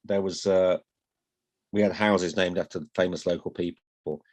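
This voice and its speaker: A middle-aged man from Hull with a slight northern accent and flat vowels, chatting as an interview guest in a rambling, self-deprecating way. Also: sits low, normal speed. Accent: slight northern English, flat vowels. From Hull, England. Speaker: guest, newspaper columnist. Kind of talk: casual interview chat.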